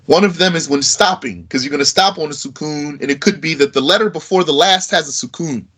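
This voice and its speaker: A man teaching an Arabic grammar lesson in a casual way, slowly repeating verb forms aloud with fillers like "you know". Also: fairly high pitch, fairly bright tone, poor audio. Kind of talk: recorded lesson.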